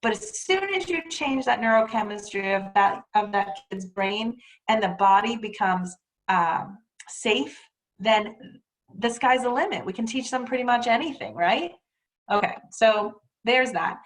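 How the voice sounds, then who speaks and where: A woman's voice: a little high, measured pace. A woman presenting a teacher training session, talking earnestly and animatedly with frequent rhetorical questions. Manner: earnest, animated, acts out quoted dialogue. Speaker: workshop presenter.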